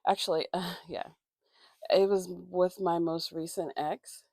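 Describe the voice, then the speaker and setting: Woman, vlogger, raspy with vocal fry, profane rambling storytelling, casual chat, dry close sound. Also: on the low side, fairly even intonation, measured pace, darkish tone, dry recording. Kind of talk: casual storytime while getting ready. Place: at home getting ready for work.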